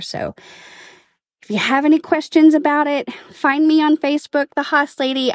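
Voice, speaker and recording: A woman talking casually in a storytime vlog from her car, chatty, emphatic and excited. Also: a little high, no room sound, studio quality. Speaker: vlogger, home organizer. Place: inside a parked car.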